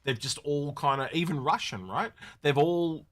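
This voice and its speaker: A man's voice: fairly high pitch, moderate pace. Man, podcast co-host, casual chat, rambling, restarts. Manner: rambling, animated, with frequent restarts.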